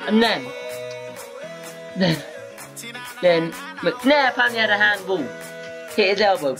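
A male football vlogger giving a casual, rambling match review to camera, excitable and often repeating himself. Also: high-pitched, measured pace, pauses often, over music, low-quality recording.

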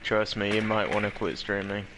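A man's voice: on the low side, steady tone, normal speed, noisy background. A man with a Southern US accent, chatting and telling jokey stories while streaming a shooter game. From American South. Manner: joking storyteller, laughs often. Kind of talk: casual gaming chat.

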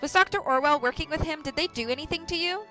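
Woman doing an anxious protective teenage girl, earnest, firm, bright and forceful, storybook reading. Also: high voice, fast, faint music behind, voice pushed up. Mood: worried, insistent. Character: worried protective teenage girl, eldest sister.

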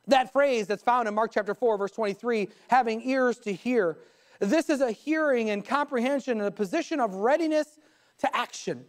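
A man's voice: very high voice, moderate pace. A pastor preaching a live sermon in his church, who often asks the congregation questions and tells stories to make his points.

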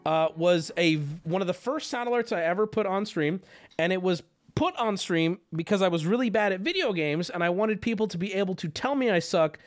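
A man's voice: sits high, expressive, a little fast. A man livestreaming and talking casually to his chat, rambling, joking and swearing freely. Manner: rambling, profane, jokey.

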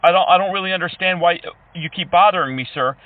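A man's voice: sits high, quick pace, no room sound, distant mic. A man making a prank phone call, complaining with mock indignation and needling the person on the line. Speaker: prank caller trolling scammers.

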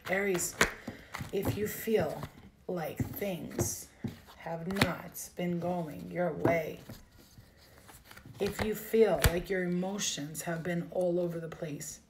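A woman's voice: on the low side, takes it slowly, heavy background noise. A woman giving a live tarot reading, emotional and direct, speaking straight to her viewers. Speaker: tarot reader.

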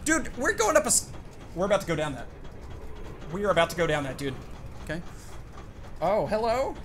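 Excitable young man, bright high voice. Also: normal speed, long pauses, slight background noise. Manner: jokey, talks to his companion, yelps at scares. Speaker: gaming YouTuber. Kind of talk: excited let's-play commentary.

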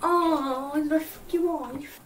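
A woman who hosts a gaming channel plays through a let's play, giggly, chaotic and swearing a lot, in a high voice with a steady tone and slow pace. Her voice is far from the mic, with faint game music and slight background noise.

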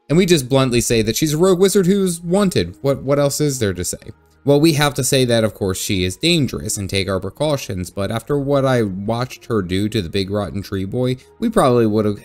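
A man's voice: on the low side, darkish tone. A man recapping a game playthrough in a casual, jokey, chatty way, often laughing. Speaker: gaming video creator.

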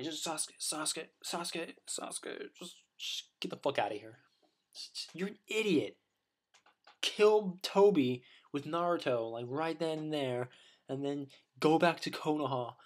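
A man's voice: a little high, a little slow. Profane ranting man. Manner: profane, ranting, rambling with restarts. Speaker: vlogger. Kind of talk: opinion rant.

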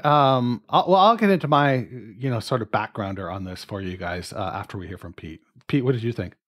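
A man's voice: fairly low pitch, expressive, fairly quick, a bit bright. A man from Canada hosting a casual music podcast, chatty and jokey as he leads his friends through the discussion. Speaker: podcast host.

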